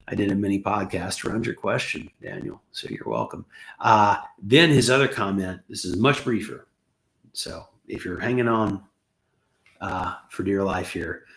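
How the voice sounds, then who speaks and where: A man's voice: sits low, vocal fry, fairly bright tone. An American man with a Southern accent under a Los Angeles one, a channel host rambling through viewer questions with joking, self-deprecating asides, his voice getting worn from talking. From United States. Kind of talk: casual livestream chat. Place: his home. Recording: echoey room.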